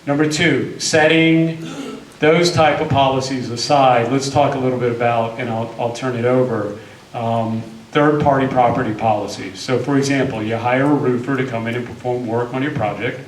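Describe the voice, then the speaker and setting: A man's voice: medium pitch, fairly even intonation, moderate pace, a little hiss or hum. A man giving a conversational panel talk, telling cautionary legal stories. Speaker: construction attorney on a panel. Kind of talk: panel presentation. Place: meeting hall. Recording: echoey hall, voice from far off.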